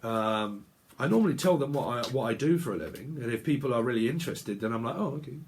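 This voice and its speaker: A man's voice: mid-range voice, expressive, fast talker, slight background noise. A man giving a casual tarot reading, rambling bluntly and swearing freely. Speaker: tarot reader.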